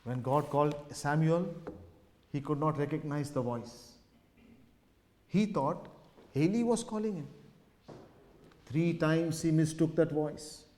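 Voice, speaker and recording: A man delivers a sermon in a gospel hall, his voice sitting fairly high for a man. He preaches with emphatic, repeated phrases that swell and then drop away. Long reverb trails behind each line. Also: slow pace, pauses often, a little mellow. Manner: emphatic, repetitive preaching with rising and falling emphasis.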